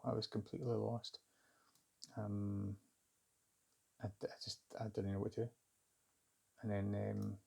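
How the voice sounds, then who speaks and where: A man's voice: fairly low pitch, vocal fry, darkish tone, slight background noise. A Scottish man casually recounting a story in a rambling, hesitant way, with lots of fillers and restarts. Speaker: vlogger recounting a job interview.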